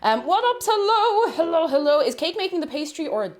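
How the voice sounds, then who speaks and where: A woman's voice: very high voice, very animated, fairly quick. A woman with an Irish accent hosting a casual baking livestream, chatting and greeting viewers by name as she reads the chat. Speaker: livestream host.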